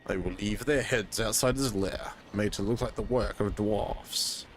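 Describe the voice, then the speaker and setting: A man voicing a scheming male servant in a measured, plotting way, reading video game dialogue. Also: lowish voice, a little hiss or hum, close to an everyday voice. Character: scheming male servant proposing a sly plot.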